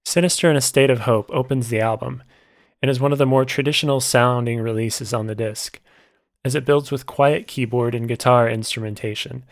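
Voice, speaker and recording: A man narrating a scripted music album review in a measured, descriptive way. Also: medium pitch, fairly even intonation, no echo, clean studio sound.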